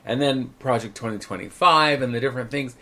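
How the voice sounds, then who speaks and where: A man's voice: mid-range voice, a little fast, bright, forceful tone. A man co-hosting a casual podcast, blunt and wry with joking asides. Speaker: podcast co-host. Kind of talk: casual chat.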